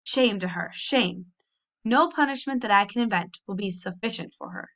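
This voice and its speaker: A woman's voice: mid-range voice, moderate pace, a bit bright, natural voice. Brief: severe, proper farm mother dealing out punishment, read by a woman, storybook. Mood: stern. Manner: severe, scolding. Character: stern, proper pioneer mother.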